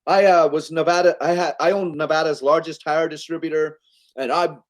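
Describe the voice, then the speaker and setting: A man's voice: a little high, fairly even intonation, fairly quick, voice pushed up, natural voice. A man putting on the voice of a big, irate male property owner, angry and insistent.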